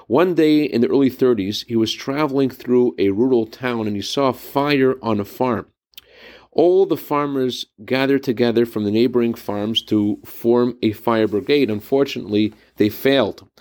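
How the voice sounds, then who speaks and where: A man's voice: medium pitch, darkish tone. A man giving a short Torah talk, telling a story in an earnest, reflective way. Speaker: Torah teacher.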